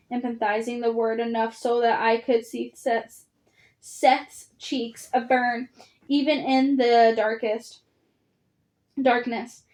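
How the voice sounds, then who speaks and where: A woman reading a children's novel aloud in first-person narration, even and measured. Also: fairly high pitch, low-quality recording. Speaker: audiobook reader.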